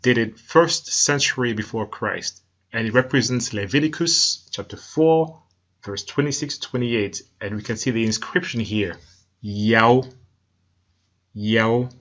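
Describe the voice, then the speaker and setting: A man giving scripted documentary narration in a measured, explanatory reading. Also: medium pitch, fairly bright tone. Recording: muffled narration over faint music.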